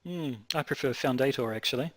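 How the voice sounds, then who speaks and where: A man's voice: medium pitch, fairly quick. A man co-hosting a podcast over a video call, with wry, teasing banter. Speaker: podcast co-host. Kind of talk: casual chat. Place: home in New Zealand.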